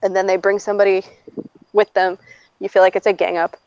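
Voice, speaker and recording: A woman's voice: medium pitch, flat delivery, fairly quick, a little mellow, clear, resonant tone, dry recording. A blunt woman rambles through a story, swearing freely and breaking into laughs between lines. Her voice sits mid-range for a woman. The sound is dry, close and a little dull, like a cheap home mic. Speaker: streamer host. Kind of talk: casual storytelling chat.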